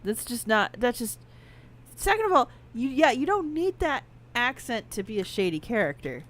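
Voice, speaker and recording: A woman co-hosting a casual game stream, talking in an animated, rambling, opinionated way. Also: a little high, moderate pace. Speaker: podcast co-host playing a game. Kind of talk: casual let's-play chat.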